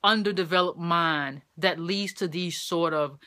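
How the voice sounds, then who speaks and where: A woman's voice: lowish voice, unhurried, pushed and bright. A woman giving impassioned opinion commentary, repeating phrases for emphasis.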